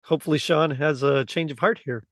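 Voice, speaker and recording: A man's voice: a little high, fairly quick, no room sound, studio quality. A man appearing as a podcast guest who chats casually, agrees easily and laughs a lot. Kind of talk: casual chat.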